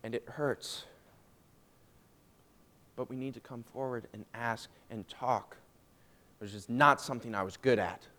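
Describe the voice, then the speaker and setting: A young man giving a personal faith testimony, emotional and swinging from hushed, drawn-out phrases to loud, emphatic ones. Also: mid-range voice. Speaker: student speaker giving testimony.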